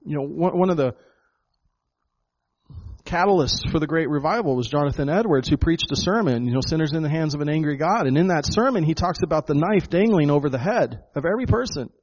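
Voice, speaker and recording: A man's voice: fairly high pitch, lively intonation, brisk, darkish tone, muffled recording. A pastor preaching a sermon to his congregation, emphatic, often repeating words and calling them folks. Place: church hall with a congregation.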